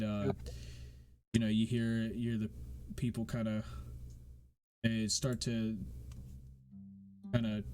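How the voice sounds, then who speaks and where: A man's voice: mid-range voice, darkish tone. A man narrating a tabletop game as game master, rambling with many fillers.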